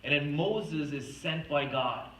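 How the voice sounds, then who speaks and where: A woman's voice: deep voice, takes it slowly, a bit bright, roomy sound, distant mic, slight background noise, poor audio. A woman giving an earnest faith talk at a retreat, telling stories and acting out the quotes. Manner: earnest, storytelling, acts out quoted speech. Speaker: retreat speaker.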